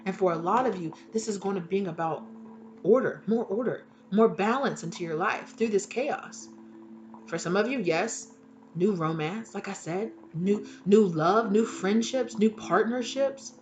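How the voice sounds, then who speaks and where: A woman with a medium-pitched voice gives a casual collective tarot reading, speaking a little slowly over slight background noise. She's chatty and animated, swears freely, and laughs at herself.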